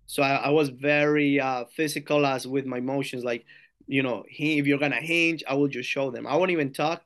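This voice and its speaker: A man's voice: mid-range voice, fairly even intonation, normal speed, a bit bright, clear, resonant tone. Man with a colombian spanish accent. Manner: earnest, many restarts and repeated words, acts out his own coaching cues. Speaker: strength coach, podcast guest. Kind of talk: casual podcast interview.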